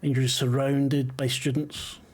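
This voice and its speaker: A man's voice: mid-range voice, level tone, measured pace, slightly rough. A man running a tabletop game as game master, narrating scenes with hesitant fillers.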